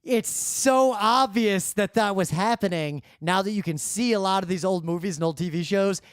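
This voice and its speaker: A man co-hosting a podcast, explaining points in a measured, explanatory way into a studio microphone. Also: high voice, smooth, dry recording. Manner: measured, explanatory, adapts his talk for the microphone. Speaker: podcast co-host. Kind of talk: casual discussion.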